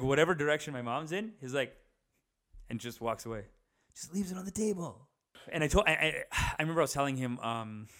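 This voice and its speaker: Rambling animated young man. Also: a little high. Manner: rambling, animated, says dude a lot. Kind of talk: casual comedic monologue.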